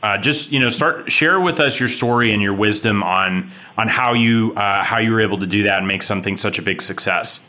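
A man hosting a business podcast with an energetic, chatty delivery and frequent laughs. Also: fairly low pitch, brisk, hardly any pauses. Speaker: podcast host.

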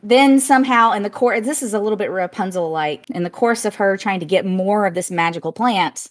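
A woman's voice: mid-range voice, fairly quick. Woman, podcast co-host, giggly, rambling, self-conscious, casual chat. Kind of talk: casual book review chat.

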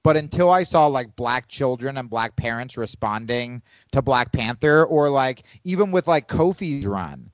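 A man in casual podcast chat, animated and profane, rambling through his opinions. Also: medium pitch, normal speed, hardly any pauses, dry recording, lo-fi sound.

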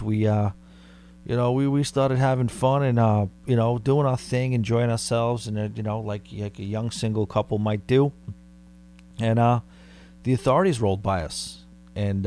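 A man's voice: fairly low pitch, mellow. Male podcast host, 30s, Long Island accent, chatty storyteller, light background hum. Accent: Long Island New York. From Long Island, New York. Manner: rambling, conversational, dare-I-say asides. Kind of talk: casual storytelling.

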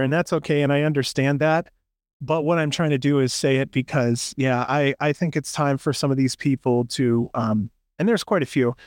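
A man's voice: mid-range voice, a little mellow, dry recording, studio quality. A man co-hosting a podcast, giving long opinionated rants in casual chat and acting out quotes in a raised voice. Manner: opinionated, rambling, acts out quotes. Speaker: podcast co-host.

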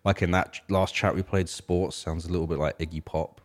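A man with a very low voice co-hosts a casual music podcast. He wanders through his thoughts with fillers and restarts, chatting easily with his co-host. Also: fairly even intonation, brisk. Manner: rambling, many fillers and restarts.

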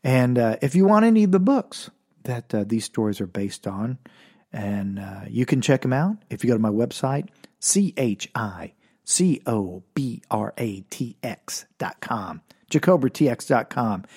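A man's voice: unhurried, slightly rough. Wry Oklahoma-raised man telling stories. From Oklahoma, USA. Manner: wry, deadpan asides, swings between loud punchlines and low mutters. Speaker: podcast host and storyteller. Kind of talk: comic storytelling monologue.

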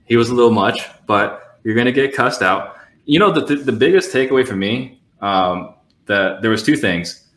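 A man who trains real estate salespeople, talking casually in a podcast conversation, measured and explaining with quick acted-out phone exchanges. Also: medium pitch, fairly bright tone, roomy sound.

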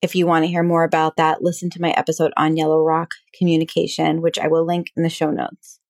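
A woman hosting an advice podcast as a relationship coach, talking calmly and plainly through examples. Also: sits low, fast, creaky, dry recording, clean studio sound. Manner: calm, explanatory, acts out example dialogue.

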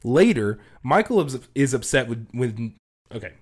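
A man's voice: medium pitch, moderate pace. A young man in casual chat, rambling and acting out quotes as he tells a story. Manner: rambling, animated, acts out quotes. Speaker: co-host.

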